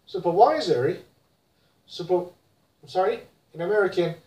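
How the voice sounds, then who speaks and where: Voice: mid-range voice, animated, moderate pace, pauses often, mellow. An English pronunciation teacher running a classroom drill, saying each word several times over for the listener to copy. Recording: roomy and distant from the mic.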